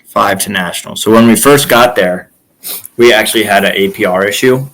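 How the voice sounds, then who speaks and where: Guest: young adult male, former college wrestler, lowish voice, lively anecdotes with acted quotes. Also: a little fast, poor audio. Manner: animated, acts out quotes in stories. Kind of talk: casual storytelling.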